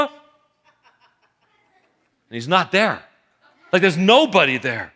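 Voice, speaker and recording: Bright, high-voiced animated pastor. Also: male voice, takes it slowly, long pauses. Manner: animated storytelling, acts out characters. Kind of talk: sermon. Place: church.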